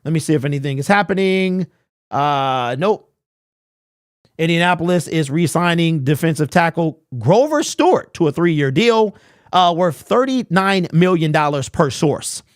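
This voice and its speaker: A man's voice: fairly high pitch, expressive, a little slow, dry recording, studio quality. A young man hosting a live sports talk stream, ranting bluntly, reading chat messages aloud and firing off rhetorical questions. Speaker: host.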